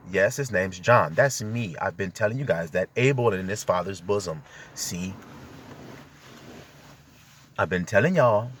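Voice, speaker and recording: A man's voice: mid-range voice, a bit bright. A man giving an impassioned spiritual monologue from inside a car, exhorting his listeners with rhetorical questions. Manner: exhorting, fired-up, peppered with rhetorical questions to the audience. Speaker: self-styled preacher.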